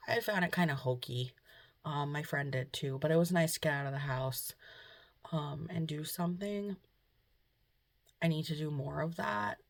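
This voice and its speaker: Low, gravelly-voiced young woman, emotional. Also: normal speed, long pauses. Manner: soft, hesitant, full of ums and trailing off. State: emotional, on the verge of tears. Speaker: vlogger. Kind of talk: casual confessional vlog talk. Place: at home, indoors.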